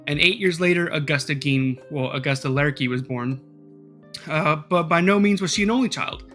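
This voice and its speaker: A man hosting a podcast, his voice sitting a little high. He rambles through his story with plenty of "uh"s and casual swearing, and faint music plays underneath. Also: normal speed, fairly bright tone. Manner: rambling, filler-heavy, profane storytelling. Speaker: podcast host.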